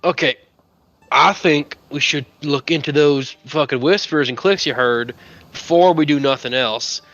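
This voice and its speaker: Blunt swearing player, bright voice. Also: male voice, on the high side, measured pace, no room sound, lo-fi sound. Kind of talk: tabletop role-play.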